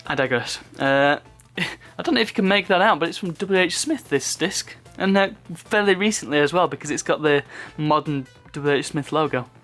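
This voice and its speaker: A man's voice: fairly high pitch, animated, moderate pace, hardly any pauses, a bit bright, faint music behind. A man casually chatting through an unboxing, rambling off on asides and chuckling at his own remarks. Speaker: unboxing video host.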